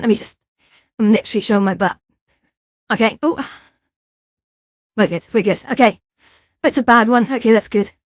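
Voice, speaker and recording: A woman's voice: medium pitch, no echo, studio quality. A woman streaming from a VR game, chatting casually with her viewers, self-mocking and lightly swearing. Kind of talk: casual live-stream chat.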